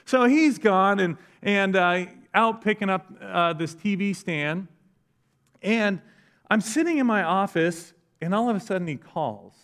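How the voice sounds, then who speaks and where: A man's voice: high voice, a little slow, a bit bright. A man preaching a sermon, telling personal stories in a conversational, self-deprecating way with touches of humor. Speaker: pastor.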